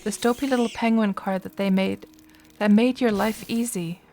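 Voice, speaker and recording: Speaking at an ordinary pace in a steady, dark, mid-range voice, this woman streams a game live. She talks casually with her chat through a desk mic and reacts to the gameplay in between.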